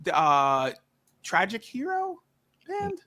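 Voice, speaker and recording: A man's voice: sits high, slow pace. A man co-hosting a casual music podcast, joking and ribbing his friends. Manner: teasing, joking, animated. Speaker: co-host.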